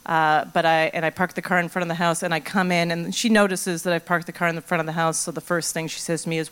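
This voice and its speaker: A middle-aged woman telling a personal story with comic, animated delivery, acting out the voices in her quotes. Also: fairly low pitch, quick pace, hardly any pauses, smooth.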